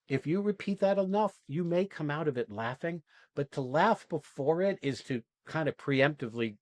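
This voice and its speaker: A man coaching actors after an exercise, talking casually and acting out quoted lines in animated bursts, often asking "right?" and swearing now and then. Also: a little high, moderate pace, dry recording. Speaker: acting coach and podcast host.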